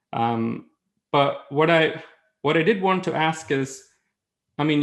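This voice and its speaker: A man's voice: a little high, creaky. A man presenting a webinar in a conversational way, with fillers and rhetorical questions.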